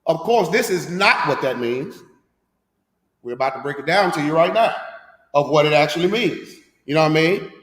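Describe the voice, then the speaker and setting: A man's voice: on the high side, animated, normal speed, pauses often, roomy sound, in a large hall. A man leading a scripture class, preaching emphatically with rhetorical questions in a street-talk manner.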